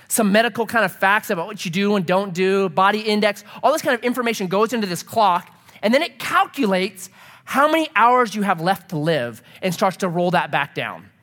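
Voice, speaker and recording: A middle-aged man preaching a sermon as pastor, telling stories with humor and lots of expression. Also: high-pitched. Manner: animated, humorous storytelling.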